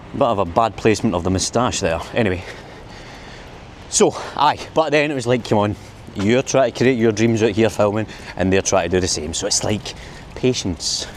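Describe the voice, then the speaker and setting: A man's voice: on the low side, slight background noise. Chatty Glaswegian man on a rainy street. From Scotland. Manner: chatty, rambling, laughs at own jokes. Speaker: vlogger. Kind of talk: casual walking vlog. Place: city streets at night in the rain.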